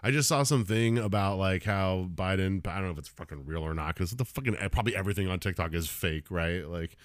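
A man's voice: sits low, fast, no echo, studio quality. A man in his thirties hosting a solo comedy podcast, ranting casually with lots of swearing and laughter. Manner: profane, rambling, laughs often.

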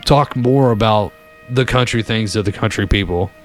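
A man's voice: on the low side, moderate pace, soft background music. A young adult man co-hosting a podcast, telling stories in a rambling, irreverent way with lots of fillers. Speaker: podcast co-host. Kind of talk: casual storytelling chat.

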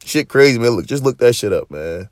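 A man's voice: mid-range voice, big pitch swings, fairly quick, darkish tone, no echo, studio quality. A man hosting a podcast in casual chat, swearing freely and rambling with many fillers and restarts. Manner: profane, rambling, lots of fillers and repeats. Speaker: podcast host.

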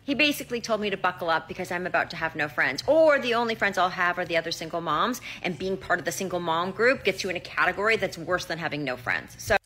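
A woman telling a personal anecdote with dramatic, animated delivery in a played clip. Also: fairly low pitch, fast talker, hardly any pauses.

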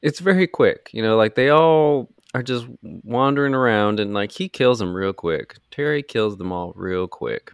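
Man, low pitch, dry close sound, sarcastic, animated casual recap, podcast host. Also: moderate pace, creaky, few pauses, smooth, dry recording. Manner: animated, sarcastic, swears freely. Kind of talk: casual movie recap chat.

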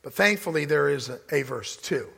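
A pastor preaching a sermon, with emphatic delivery that swings from loud declarations to hushed asides. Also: male voice, a little high, expressive, moderate pace, creaky, breathy edge. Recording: long hall reverb.

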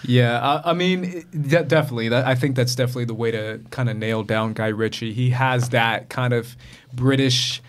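A man's voice: mid-range voice, brisk. A man in casual film talk on a podcast, searching for words with frequent restarts.

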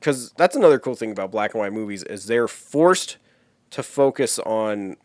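A man co-hosting a casual movie chat, animated and swearing freely. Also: fairly low pitch, normal speed, dry recording.

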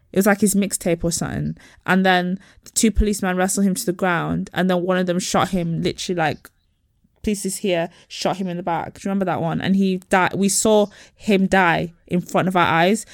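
A woman's voice: fairly low pitch, steady tone, a little fast, dry recording, clean studio sound. A woman co-hosting a casual chat podcast, telling stories animatedly and acting out the people she quotes. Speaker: podcast co-host.

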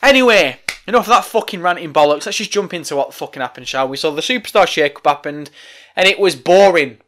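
A man's voice: on the high side, lively intonation, fast talker, fairly bright tone. A man hosting a wrestling podcast, ranting in a heated, profane way. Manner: profane, angry, emphatic.

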